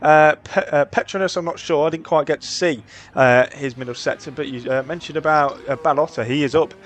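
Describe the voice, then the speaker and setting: A man gives upbeat live sim racing play-by-play, calling positions and lap times with frequent filler uhs. His voice sits fairly high for a man. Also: brisk. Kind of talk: live esports commentary.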